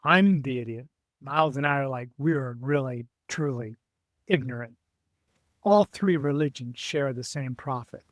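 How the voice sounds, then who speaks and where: A middle-aged man, a guest on an interview show, telling stories in a lively way, acting out other people's voices and often restarting his sentences. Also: mid-range voice, no room sound. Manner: animated storyteller who acts out quoted voices, halting restarts. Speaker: guest, adventurer and author. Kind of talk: casual storytelling interview.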